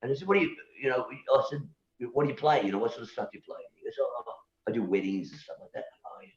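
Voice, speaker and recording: Talking fast in a mid-range voice, this man is a musician guesting on a casual chat. He pushes his argument and questions beliefs, often repeating words and tacking on "you know?" The audio is echoey and lo-fi, with a dull quality.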